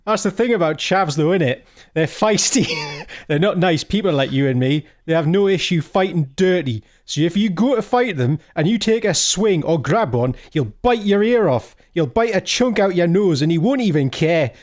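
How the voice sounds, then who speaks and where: A man's voice: high-pitched, huge pitch swings, moderate pace, hardly any pauses. A man voicing a brash, streetwise male barber in a strong Geordie accent, giving blunt advice. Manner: blunt, matter-of-fact advice. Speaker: podcast regular.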